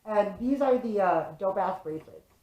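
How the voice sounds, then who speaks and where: A young woman telling a story to camera in a casual, animated way, swearing freely and saying "like" a lot. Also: mid-range voice, normal speed, lo-fi sound. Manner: animated, swears often, fills with "like". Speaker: vlogger. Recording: echoey room.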